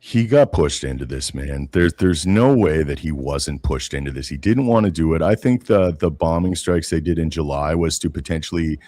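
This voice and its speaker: Low-voiced man in casual political chat. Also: moderate pace, few pauses, no echo, clean studio sound. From Canada. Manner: casual, says "man" often, animated retelling. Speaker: podcast co-host.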